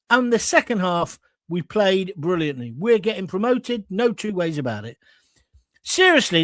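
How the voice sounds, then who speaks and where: A middle-aged man hosts a live stream, reading viewer comments and answering them in a blunt, sardonic way. His voice sits fairly high for a man. It is recorded close and dry, with no room sound. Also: no room sound. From England. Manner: blunt, sardonic, rambling asides. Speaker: host of a live political chat show.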